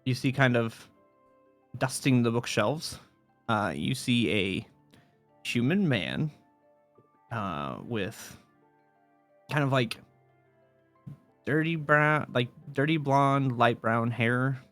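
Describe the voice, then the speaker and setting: Rambling male dungeon master, lively voice. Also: medium pitch, takes it slowly, long pauses, soft background music. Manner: rambling, many fillers and restarts. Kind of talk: narrating a tabletop game.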